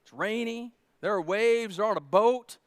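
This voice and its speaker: A male pastor preaches in a high, energetic voice, rising to loud points and dropping to near-whispers. His delivery is folksy, with humorous asides. The sound is close and dry, with no room echo. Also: normal speed, clean tone. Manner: animated preaching with dramatic swings in volume. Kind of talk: sermon.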